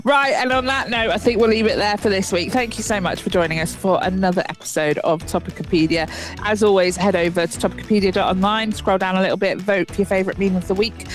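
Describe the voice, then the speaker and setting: A woman's voice: medium pitch, steady tone, fast, soft background music. A woman co-hosting a casual podcast, reacting with laughter and groans, telling jokes and wrapping up the show. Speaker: podcast co-host.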